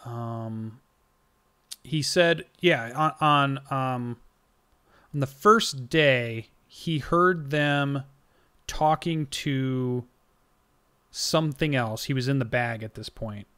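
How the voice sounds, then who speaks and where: A man's voice: mid-range voice, takes it slowly, pauses often, clear, resonant tone. A man running a tabletop fantasy game as dungeon master, narrating with lots of ums and restarts. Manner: relaxed, filler-heavy narration.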